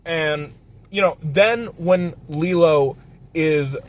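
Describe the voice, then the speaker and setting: A man's voice: a little high, very slow. A man hosting a casual film review chat, ranting and swearing a lot. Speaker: host.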